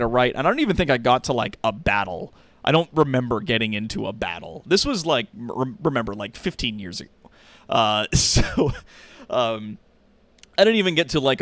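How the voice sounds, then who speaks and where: A man's voice: mid-range voice, smooth, dry recording. A man streaming, chatting casually and ranting with lots of swearing. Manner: animated, rants with heavy swearing. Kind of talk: casual gaming stream chat.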